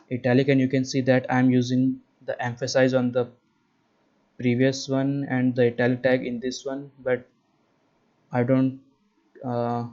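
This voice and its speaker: Male coding instructor with an Indian English accent, level mid-pitched delivery, patient and repetitive, slightly muffled recording. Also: warm tone. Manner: patient, repetitive, checks in with "right?". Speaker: web development instructor. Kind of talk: screen-share coding lesson.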